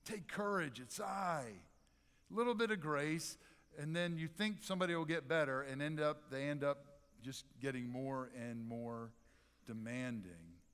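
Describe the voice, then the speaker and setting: A man preaching a sermon as pastor, animated and conversational, with dramatic pauses. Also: medium pitch, smooth, in a large hall. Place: church sanctuary.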